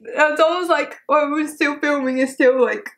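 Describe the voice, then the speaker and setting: A young woman talking casually to camera, soft-spoken and halting, close to tears. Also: high voice, steady tone. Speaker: vlogger announcing a breakup. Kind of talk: casual heartfelt chat to camera.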